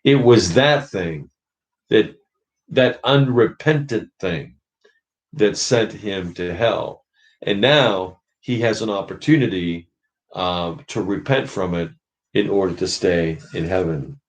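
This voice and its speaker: A man leading a church book study, teaching thoughtfully and pausing to search for words. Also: low voice.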